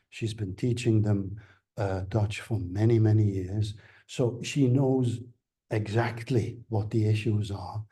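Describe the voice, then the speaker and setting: A man lecturing at an academic seminar, pausing often with fillers and restarting his sentences. His voice sits a little low and sounds mellow and dark, and he speaks very slowly. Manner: measured, halting, with many fillers and restarts.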